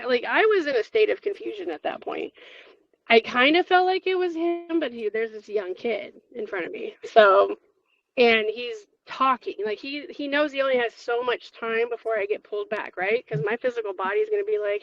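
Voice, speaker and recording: A woman's voice: fairly high pitch, moderate pace, a bit bright, no echo. A woman guest telling a story in a chatty way, full of fillers, restarts and laughs, over a video call. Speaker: interview guest. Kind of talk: casual spoken storytelling. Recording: dull lo-fi, dry.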